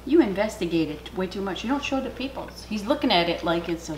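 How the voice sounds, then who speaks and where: A middle-aged woman with a Canadian accent, chatting excitedly through a cooking video at home and sometimes dropping to a whisper. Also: mid-range voice, fast talker. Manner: chatty and excitable, drops to a whisper over food. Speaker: cooking channel host. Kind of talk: casual cooking vlog chat. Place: home kitchen. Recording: noisy home recording.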